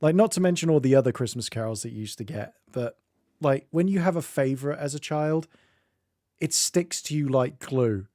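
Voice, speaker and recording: A man with an English accent chats on his stream, rambling and cutting himself off mid-sentence. His voice is mellow and relaxed, with a middling pitch. The sound is dry and close. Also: dry recording. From Northamptonshire, England. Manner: rambling, self-interrupting, quick to laugh. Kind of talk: casual chat.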